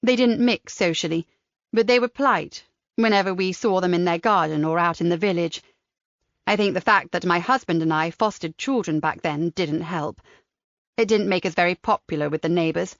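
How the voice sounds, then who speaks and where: A woman voicing a hospitable London woman in her seventies, with a London accent and a warm, chatty manner. The recording is dry and slightly dull. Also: fairly low pitch, moderate pace, no room sound, voice pushed down, close to an everyday voice. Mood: reflective. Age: 70s.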